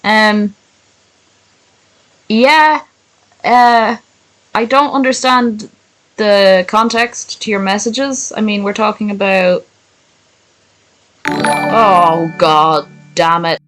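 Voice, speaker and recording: A woman's voice: medium pitch, fairly even intonation, takes it slowly, pauses often, soft background music, poor audio. A young woman streaming, reading a story aloud and breaking off into sarcastic, swearing asides to her chat. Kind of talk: live-stream reading and commentary.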